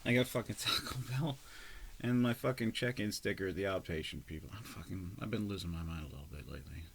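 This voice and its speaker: A man vlogging in a loose, rambling way, swearing often and swinging between loud bursts and mumbled, half-whispered asides. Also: low-pitched, quick pace, creaky, slight background noise. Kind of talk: casual rambling vlog talk.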